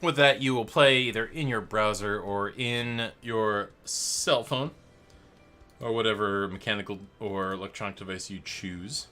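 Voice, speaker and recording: Trivia host guy, bright punchy voice, rambles a lot, little announcer flair. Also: lowish voice, measured pace, slight background noise. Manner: showy, announcer-like openings with rambling asides. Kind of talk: casual livestream banter. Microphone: headset.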